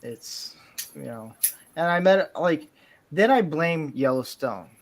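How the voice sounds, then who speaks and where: A man's voice: on the high side, animated, takes it slowly. Rambling, joking man on a casual stream. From southern Florida. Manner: rambling, joking, self-interrupting. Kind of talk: casual chat. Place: California home.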